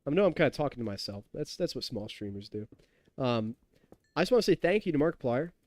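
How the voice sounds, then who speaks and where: A man's voice: medium pitch, sing-song, fast, a little mellow, no room sound. A tipsy young man in his twenties streaming a game, rambling and chatty, laughing and talking to his chat. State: tipsy from drinking. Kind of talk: casual live-stream chat while gaming.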